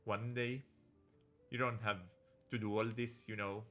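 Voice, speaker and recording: A man's voice: little pitch movement, a little slow, fairly bright tone, soft background music. A man voicing a shy, guarded young farmer of few words, who talks in clipped, plainspoken phrases. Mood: reserved. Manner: clipped, low-key, plainspoken.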